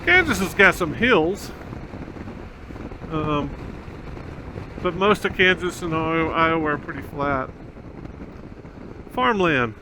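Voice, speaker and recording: A man's voice: fairly high pitch, animated, slow pace, pauses often, noisy background. A man riding a motorcycle outdoors on a country road, talking through a helmet mic in rambling, casual commentary with many fillers. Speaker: motorcycle vlogger. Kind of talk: casual ride-along commentary.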